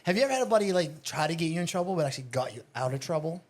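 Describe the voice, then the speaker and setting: A man with a slightly high voice spins wild, profane stories in casual chat. He is animated and laughs through his tales, recorded on location in a home. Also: very fast. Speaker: podcast guest. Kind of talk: casual storytelling. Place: childhood neighborhood home.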